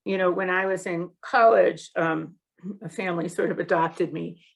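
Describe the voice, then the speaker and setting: A woman's voice: fairly low pitch, fairly even intonation, normal speed, vocal fry. A woman co-hosting a podcast, talking in a thoughtful, hesitant way with many fillers in a casual discussion.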